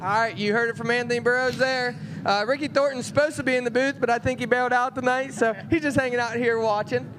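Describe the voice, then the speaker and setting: A man reporting live from a dirt race track, energetic and excitable. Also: extremely high pitch, fast talker, hardly any pauses, noisy background. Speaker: pit reporter and commentator.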